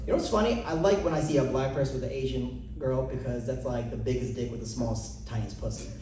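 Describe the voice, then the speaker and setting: A brash young man doing stand-up crowd work, loud and swinging his pitch for bits, recorded from far off in an echoey comedy club. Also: fast talker, background noise.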